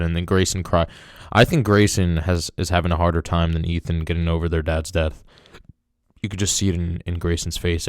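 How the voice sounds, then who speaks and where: A man's voice: sits low, no room sound, clean studio sound. A young man hosting a podcast, giving a casual, emotional review in a rambling way, full of fillers like "dude" and "man". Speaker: podcast host.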